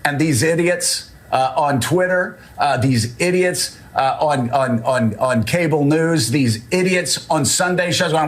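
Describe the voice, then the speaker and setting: A man's voice: fairly high pitch, unhurried, few pauses. A male morning show commentator speaking bluntly and indignantly, repeating his points. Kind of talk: broadcast commentary.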